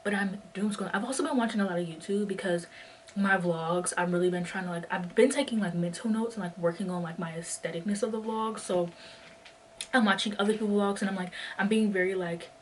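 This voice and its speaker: A woman's voice: mid-range voice, fairly even intonation, a little fast, slight background noise. Breathless young woman rambling casually. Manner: rambling, filler-heavy, lots of "like". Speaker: vlogger. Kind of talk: casual chat. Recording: distant mic with faint ambience.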